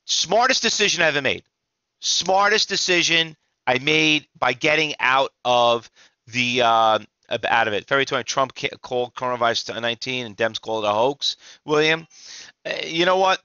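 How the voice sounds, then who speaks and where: A man's voice: medium pitch, moderate pace, pushed and bright, clear, resonant tone, dry recording, highs cut off. Tired, rambling man. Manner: rambling, restarts often, emphatic. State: exhausted. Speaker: trading instructor. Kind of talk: casual market commentary to viewers.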